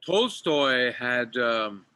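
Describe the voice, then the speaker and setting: A man speaking in a measured, hesitant and thoughtful way as a partner in casual conversation. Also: mid-range voice, expressive, pushed and bright, slight background noise.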